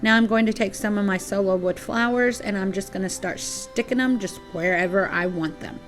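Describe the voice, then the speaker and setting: A woman with a medium-pitched voice talks fairly quickly as she hosts a casual DIY crafts tutorial for her channel. She's chatty and apologetic, a little out of breath, and says "y'all." Soft music plays behind her.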